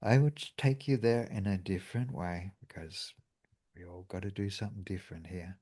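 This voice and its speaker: A man's voice: low-pitched, moderate pace, mellow. A man, a meditation teacher giving a cheerful spiritual talk and laughing often.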